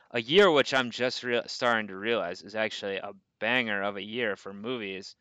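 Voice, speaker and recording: A man's voice: fairly low pitch, normal speed, clean tone, no echo, rough recording. A man co-hosting a casual movie podcast, talking through films and arguing his opinions with energy. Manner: animated, pushes back in debate. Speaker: podcast co-host.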